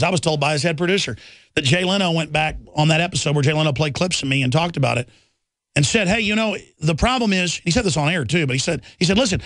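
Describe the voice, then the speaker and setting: Combative high-voiced male radio ranter. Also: a bit bright, no echo, studio quality. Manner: combative, ranting, taunting. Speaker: radio talk show host. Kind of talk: talk radio monologue.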